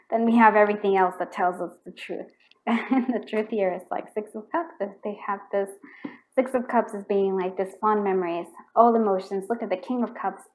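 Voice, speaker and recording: This is a low-quality recording of a woman doing a pick-a-card tarot reading at a normal speed in a medium-pitched voice. She talks loosely, full of fillers and restarts, murmuring repeated questions while pulling cards. She becomes excitable, bursting out whenever a card fits.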